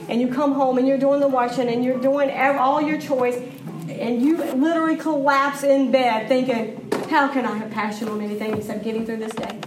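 Earnest woman teaching, in a roomy room. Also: sits high. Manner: earnest, conversational, emphatic. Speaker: women's class teacher. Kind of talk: church teaching. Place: church room. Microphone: distant mic. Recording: roomy, distant mic, background noise.

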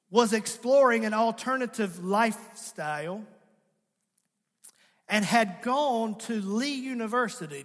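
A man's voice: high-pitched, a bit bright. A pastor preaching a sermon, building to emphatic calls and repeating his key lines. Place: church sanctuary. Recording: long hall reverb.

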